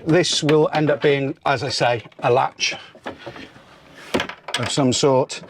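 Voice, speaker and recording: A man's voice: medium pitch, fairly even intonation, slow, background noise. A man hosting a sailing vlog in casual talk, chatty and often repeating his words, inside a boat's saloon. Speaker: sailing channel host.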